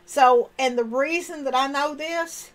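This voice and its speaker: A high-pitched woman recounts a personal story in a monologue. Her delivery is animated and expressive, and she slips into the voices of the people she remembers. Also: a little slow. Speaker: storyteller sharing personal experience.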